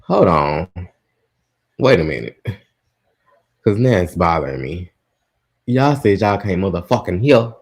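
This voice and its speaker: A man's voice: sits low, expressive, a little slow, vocal fry, pauses often, breathy edge. A man hosting a live gossip stream, chatting casually with his listeners, exasperated and swearing freely. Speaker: host of a live gossip show.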